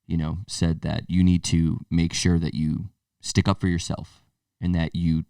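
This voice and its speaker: A man's voice: deep voice, level tone, measured pace, gravelly, warm tone, dry recording, studio quality, distant mic. A man co-hosting a podcast, telling stories in casual chat and laughing through them. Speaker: podcast co-host.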